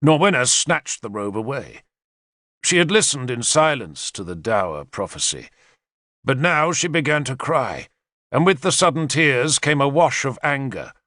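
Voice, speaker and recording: A man reading a historical novel aloud as narrator, in a measured first-person storytelling manner. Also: medium pitch, no room sound, clean studio sound. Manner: measured storytelling with lively intonation. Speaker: audiobook narrator.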